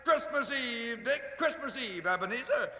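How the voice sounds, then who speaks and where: A jolly fat old merchant. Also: male voice, animated, normal speed, full character voice. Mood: jovial. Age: over 60. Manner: booming, loud hearty calls. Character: jovial fat old male merchant, hearty. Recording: long hall reverb.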